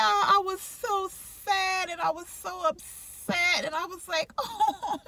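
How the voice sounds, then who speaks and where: A woman's voice: sits high, bright, forceful tone. A woman chatting casually to her viewers from her car, rambling through a story and saying y'all a lot. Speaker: vlogger. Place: parked car.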